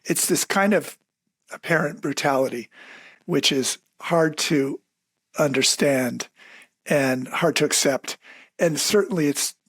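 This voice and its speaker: A man, a physician, speaking as a guest on a podcast in a measured, earnest way. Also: fairly high pitch, a bit bright, husky, no room sound. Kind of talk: conversational podcast interview.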